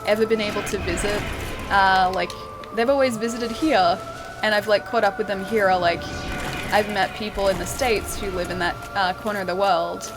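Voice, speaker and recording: A woman's voice: mid-range voice, steady tone, normal speed. Chatty Australian woman streaming a game. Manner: chatty, laughs often, many fillers. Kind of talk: casual gameplay stream chat. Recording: game music behind the voice.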